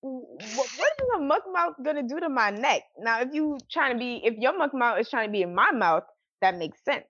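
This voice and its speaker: A woman co-hosting a podcast, speaking in a fairly high, lively voice. She talks playfully and laughs often. The recording is dry and somewhat dull. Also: brisk, dry recording. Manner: giggly, playful, teasing. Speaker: podcast co-host. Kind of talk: casual chat.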